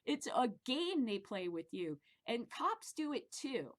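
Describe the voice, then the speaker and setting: Middle-aged woman host from the Midwest, loose and rambling monologue, cusses freely, animated delivery. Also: on the high side, slow pace. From American Midwest. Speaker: podcast host. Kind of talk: casual monologue commentary.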